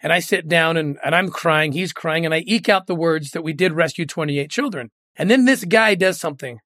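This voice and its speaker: A man's voice: on the high side, brisk, fairly bright tone, no room sound, clean studio sound. A middle-aged man, a guest in an interview, telling a moving story earnestly and often repeating words when moved.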